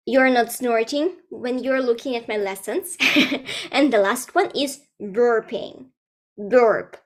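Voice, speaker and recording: A woman in her twenties teaching an online English lesson for children, explaining simple words in a playful way and laughing often. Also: fairly high pitch. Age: 20s.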